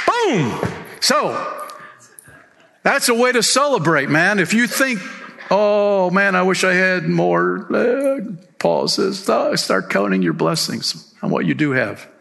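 A man preaching as a church pastor, lively and casual, reading aloud and singing short lines. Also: sits high, measured pace, gravelly. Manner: animated, sings hymn lines and reads book passages aloud. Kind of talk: sermon. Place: church sanctuary. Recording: long hall reverb.

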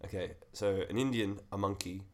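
A man's voice: low voice, normal speed. A man co-hosting a comedy podcast, rambling and laughing at himself. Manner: laughing, rambling, self-mocking. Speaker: co-host. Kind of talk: casual comedy podcast chat.

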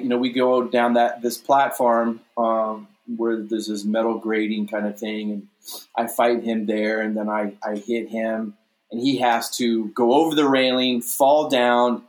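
A man telling a stage story in a casual interview, animated and often repeating "you know what I mean". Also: medium pitch, measured pace, reverberant. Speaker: guest, stage performer.

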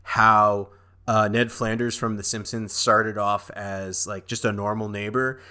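Podcast co-host, young man, bright voice, rambly, does silly impressions. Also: fairly low pitch, flat delivery, a little slow. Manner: rambling with fillers, doing goofy character impressions. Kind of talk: casual chat.

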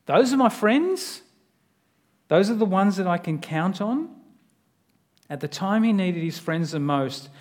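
Earnest high-voiced preacher. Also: male voice, darkish tone. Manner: earnest, conversational, asks the listener direct questions. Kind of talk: sermon.

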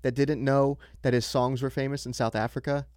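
A young man co-hosts a podcast with an easy, joking tone, tossing out dude every few words. His voice has an ordinary middle pitch. He is recorded close and dry. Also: little pitch movement, a little fast, a little mellow, clean tone, no echo. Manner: laid-back, says dude a lot, jokey. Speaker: podcast co-host. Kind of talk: casual chat.

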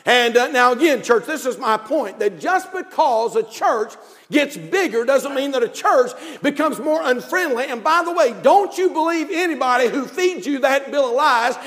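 High-voiced Southern pastor preaching in a hall. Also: male voice, expressive, normal speed. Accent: North Carolina Southern US. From North Carolina, USA. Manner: fervent preaching with repetition, swinging from quiet asides to shouts. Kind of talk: sermon.

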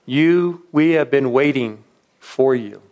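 A man's voice: medium pitch, slow pace, a little mellow, natural voice. A man reading a stern strict schoolteacher. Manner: stern, commanding.

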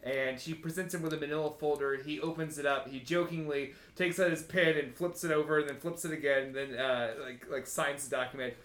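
A man narrates a tabletop role-playing game as game master and halts often on fillers and restarts. His voice is slightly high and bright. The room around him echoes. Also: fairly even intonation. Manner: halting, many fillers and restarts. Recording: roomy echo.

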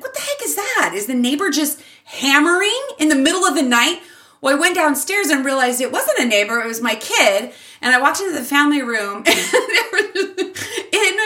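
Bright, animated middle-aged woman storyteller. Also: far from the mic. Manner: animated, laughing often, jumping high when quoting herself. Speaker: podcast guest, teacher and mother. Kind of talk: casual storytelling in an interview.

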